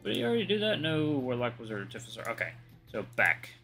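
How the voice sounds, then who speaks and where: A man's voice: medium pitch, sing-song, quick pace, sharp tone, faint music behind. A man reading a visual novel aloud as a let's play host, with casual joking asides.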